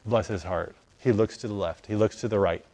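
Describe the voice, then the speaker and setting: A man telling a story in conversation, acting out the dialogue as his voice swings from loud to hushed. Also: on the low side, a little fast. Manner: animated, acts out dialogue with voice rising and falling. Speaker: guest telling a testimony.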